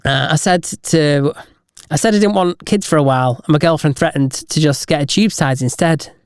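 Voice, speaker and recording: A man co-hosting a casual podcast, telling jokes deliberately and chuckling at his own punchlines. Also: a little high, clean tone, no room sound, studio quality. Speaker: podcast co-host.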